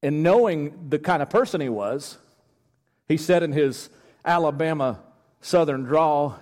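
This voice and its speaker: A man preaches with rising emphasis, pushing his fairly high voice toward near-shouts on his main points. His delivery is loose and conversational, with restarts and little chuckles along the way. Long reverb from a church sanctuary trails each phrase. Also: a little slow. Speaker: pastor. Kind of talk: sermon.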